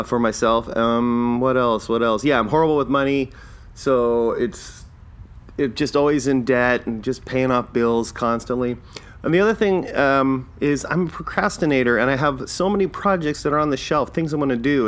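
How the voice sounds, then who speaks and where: A man in his fifties from Canada, hosting a casual solo podcast and rambling through his life in a loose, self-deprecating way. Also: mid-range voice. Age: 50s. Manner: rambling, self-deprecating, chuckles at own jokes. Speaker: podcast host.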